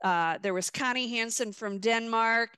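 Woman guest, higher voice, vivid storyteller, dry close sound. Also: measured pace, clear, resonant tone, no echo. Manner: lively storyteller who acts out her own reactions. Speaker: guest, retired wheelchair racer. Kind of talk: storytelling in a podcast interview.

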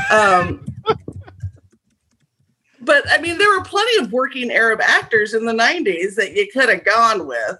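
A woman's voice: fairly high pitch, sing-song, measured pace, long pauses, sharp tone, a little hiss or hum, low-quality recording. A woman co-hosting a casual podcast, chatty and laughing, with lots of fillers. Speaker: podcast co-host. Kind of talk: casual chat.

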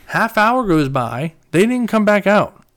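Animated swearing man telling a story. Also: sits high, takes it slowly. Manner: animated, profane, acts out friends' lines. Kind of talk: casual storytelling.

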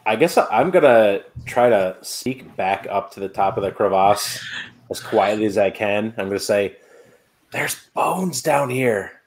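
A man's voice: lowish voice, normal speed, darkish tone. A man playing a tabletop role-playing game, speaking hesitantly. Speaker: player.

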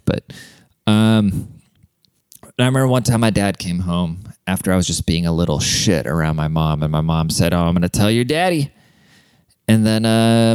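A young man rambles through a casual podcast monologue, swearing freely and laughing as he goes. His voice is low and smooth, recorded dry and close with no room echo. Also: darkish tone. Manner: rambling, profane, laughs often. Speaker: podcast host.

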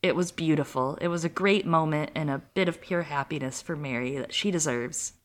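A woman with a slightly low voice co-hosts a podcast. She retells the story with dramatic, playful flair and drops crude jokes along the way. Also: fairly quick. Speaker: podcast co-host. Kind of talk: casual chat recapping a series.

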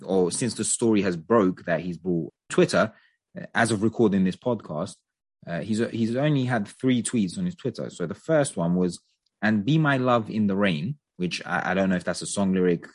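A deep, husky-voiced man talking casually on a podcast. He gives his opinions with animation, hedging as he goes. His voice sounds dry and close to the mic. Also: moderate pace, no echo. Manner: chatty, animated opinions with frequent hedges. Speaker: podcast co-host.

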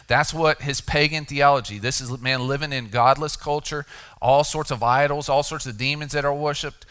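A middle-aged man, a pastor, preaching a sermon in a conversational way, slowing for dramatic pauses and dropping his voice for emphasis. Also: medium pitch, fairly even intonation, fairly bright tone, smooth.

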